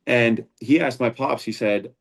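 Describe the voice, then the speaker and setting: A man's voice: medium pitch, a little slow, vocal fry. A man, a founder and combat sports instructor, talking as a guest in a casual interview, earnest and rambling, with frequent restarts.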